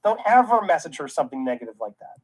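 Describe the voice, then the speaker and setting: A commentary host reacting to a clip, ranting with indignation and sarcasm. The voice sits at an ordinary middle pitch. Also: sing-song, fast, slightly rough, low-quality recording.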